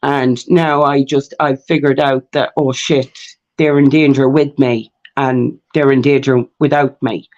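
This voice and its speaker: A woman from Mayo with an Irish accent, telling her story as a podcast guest, animated and swearing freely. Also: rumbling low, a little slow. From Ireland. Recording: dull lo-fi sound.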